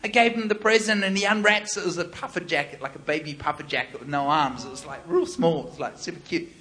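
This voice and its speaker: A man preaching, telling a lively story and acting out the quoted lines with laughter. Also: a little high, quick pace. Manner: animated, laughing, acts out quotes. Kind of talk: storytelling sermon.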